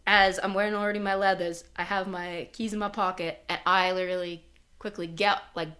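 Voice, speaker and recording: A young woman from Canada playing her character in a tabletop role-play game, talking in an animated, rambling way full of "like" and swearing. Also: mid-range voice, brisk. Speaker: player.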